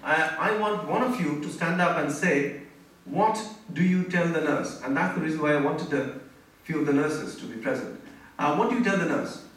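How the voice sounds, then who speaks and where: A man's voice: on the high side, normal speed, fairly bright tone. A middle-aged man, a doctor teaching a medical class and quizzing the audience with pointed questions. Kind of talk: interactive medical lecture. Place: lecture hall. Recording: very echoey hall from far off.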